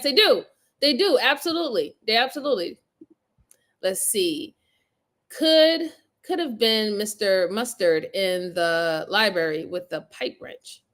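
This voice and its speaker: A woman's voice: medium pitch, a bit bright. A woman hosting a live stream, casually commenting on crime footage and reading viewer comments aloud with frequent laughter.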